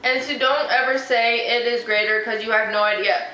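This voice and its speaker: A woman's voice: fairly high pitch, steady tone, normal speed, bright, forceful tone. A young woman telling a story on her vlog, worked up and emotional as she retells an argument. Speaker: vlogger. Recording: echoey room with faint noise.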